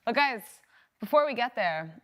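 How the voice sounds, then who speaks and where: A woman's voice: on the high side, animated, normal speed, a bit bright. Upbeat female sports show host. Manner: upbeat, bubbly presenter. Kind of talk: presenting a sports talk show.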